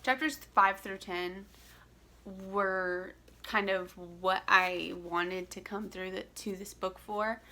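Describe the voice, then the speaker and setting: A woman's voice: medium pitch, fairly even intonation, takes it slowly, sharp tone. A young woman from Central Florida chatting casually to her camera, rambling with lots of fillers and restarts. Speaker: vlogger. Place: home in Florida.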